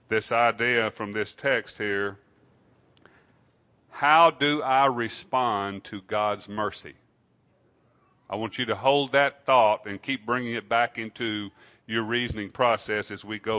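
A man delivers a sermon in a bright, forceful voice at a middle pitch. He preaches in an unhurried, conversational way and often puts questions to his congregation. The recording sounds dull and lo-fi. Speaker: pastor.

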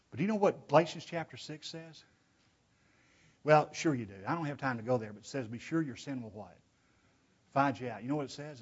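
In a church, a man with a mid-range, slightly rough voice preaches a sermon, calling his listeners brethren and posing rhetorical questions. He is emphatic, moving from loud urging to hushed pleading, on a dull, lo-fi recording.

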